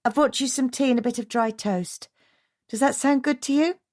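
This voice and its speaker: A woman doing a brisk cheerful housekeeper. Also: high-pitched, darkish tone, no echo, clean studio sound, pitched above the performer's own voice, lightly acted. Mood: polite. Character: cheerful efficient female housekeeper.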